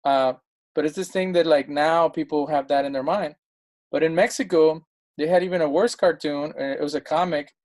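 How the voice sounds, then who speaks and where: A man's voice: a little high, steady tone, moderate pace, a little mellow. Impassioned man telling stories as a guest. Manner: impassioned, emphatic storytelling. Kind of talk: casual discussion.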